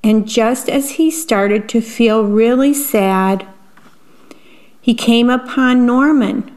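Lady reading a kids picture book out loud, slow and gentle, tells what's in the pictures. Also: a little high. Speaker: storyteller reading to children. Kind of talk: picture book read-aloud with picture descriptions.

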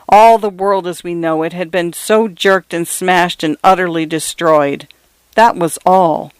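A man narrating a story in a measured, dramatic way, sometimes turning to speak to the listener directly. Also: high voice, clean tone, no room sound.

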